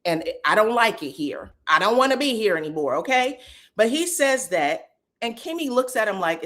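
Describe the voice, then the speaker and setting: Animated woman recapping reality TV. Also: normal speed. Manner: animated, acts out quotes from the show with big pitch jumps. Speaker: reality TV commentator. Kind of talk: casual reaction commentary.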